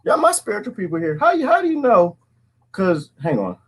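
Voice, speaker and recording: A man's voice: high-pitched, big pitch swings, fairly quick, slightly rough. A male comedian hosting a casual live stream, joking with his viewers and laughing often.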